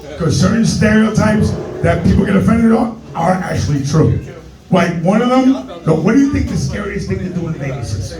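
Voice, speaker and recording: A man's voice: high voice, expressive, moderate pace, roomy sound, distant mic, a crowd in the background, rough recording. A man from New York doing a brash, profane stand-up routine full of street slang and put-on voices. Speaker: stand-up comedian. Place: comedy club stage.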